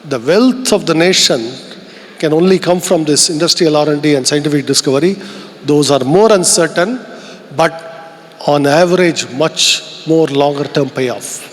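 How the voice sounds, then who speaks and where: This earnest keynote comes from a man whose voice sits fairly high and whose accent is Indian English. At a moderate pace, he reflects aloud and asks the crowd rhetorical questions, while a large hall lends everything a long, ringing echo.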